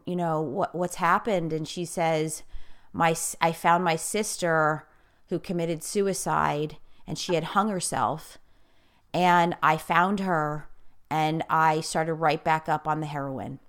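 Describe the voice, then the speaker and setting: A middle-aged woman with a smooth, clear voice that sits slightly low. She tells a personal story earnestly and casually. She rushes ahead in quick bursts and often restarts her sentences. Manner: earnest, animated storyteller who repeats herself and speeds up in bursts. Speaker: host.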